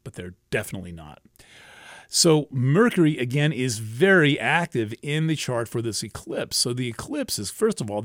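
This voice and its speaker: A man's voice: mid-range voice, dry recording, studio quality. A man giving a casual astrology talk, rambling and emphatic, often restarting and cursing freely.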